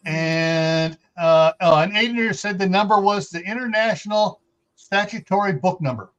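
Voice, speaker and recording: Chatty middle-aged male host with a high voice, laughs easily, reads out viewer comments. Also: normal speed, a bit bright, lo-fi sound. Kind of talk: casual livestream chat.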